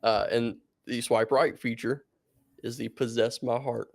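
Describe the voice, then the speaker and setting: A man's voice: medium pitch, steady tone, unhurried, vocal fry, no echo, clean studio sound. A man co-hosting a podcast, telling stories in a rambling, casual way and laughing often. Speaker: podcast co-host.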